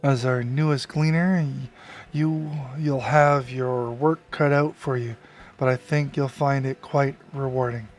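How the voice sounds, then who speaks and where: A man reading out the lines of a chatty school clerk who welcomes a newcomer, slowly, stumbling over hard names. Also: mid-range voice, steady tone, soft background music, close to an everyday voice. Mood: welcoming.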